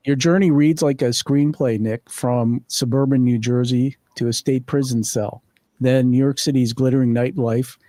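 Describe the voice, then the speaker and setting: A man hosting an interview show, setting up the conversation and explaining its segments in a measured way. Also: medium pitch, mellow, dry recording. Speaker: podcast host. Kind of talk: structured interview introduction.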